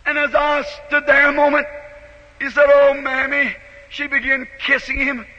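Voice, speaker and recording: A man preacher telling a story in a sermon, swelling from soft to shouted, on a dull 1950s tape in a big echoing hall. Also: very high-pitched, little pitch movement, moderate pace.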